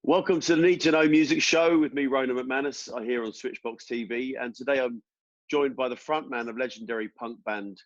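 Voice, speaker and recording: A man's voice: mid-range voice, steady tone, fairly quick. A man hosting a music interview, chatty and laughing along with his guest. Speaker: host. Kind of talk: casual interview over video call. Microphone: video call. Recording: dry, dull lo-fi call audio.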